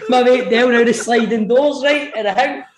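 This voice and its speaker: Sweary Scottish man, high voice. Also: normal speed, reverberant, background noise. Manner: sweary, laughing storyteller. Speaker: podcast co-host. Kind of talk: casual storytelling chat.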